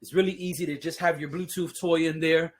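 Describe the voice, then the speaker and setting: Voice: medium pitch, steady tone, a little fast. A podcast host chatting casually on their own, full of playful jokes, sarcastic asides and frequent laughs. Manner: laughs often while talking. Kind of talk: casual solo podcast talk.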